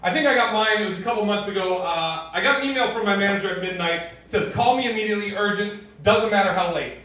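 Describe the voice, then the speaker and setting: High-voiced profane stand-up comic in an echoey club. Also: male voice, quick pace. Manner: laughing through punchlines, profane. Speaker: stand-up comedian. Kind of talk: stand-up set. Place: comedy club stage. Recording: echoey club mic from far off, loud room noise.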